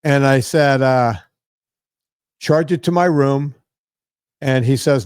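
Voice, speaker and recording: A man hosting a podcast, telling a long anecdote in a relaxed, rambling way, with frequent fillers and "right?" asides. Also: a little high, a little slow, long pauses, clean tone, dry recording, clean studio sound. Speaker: podcast host. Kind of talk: casual podcast chat.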